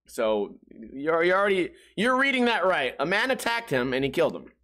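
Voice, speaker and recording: Podcast host, male, higher voice, loose and rambly, jokes as he goes. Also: very animated, moderate pace, sharp tone. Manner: rambling, joking, trails off with "like". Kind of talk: casual solo podcast rant.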